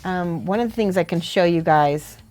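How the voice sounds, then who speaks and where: A chatty, encouraging woman with a slightly low voice talks through viewers' painted miniatures in a casual stream. Faint music plays softly under her. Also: normal speed. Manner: chatty, encouraging, laughs often. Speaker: miniature painting host and teacher. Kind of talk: casual livestream critique.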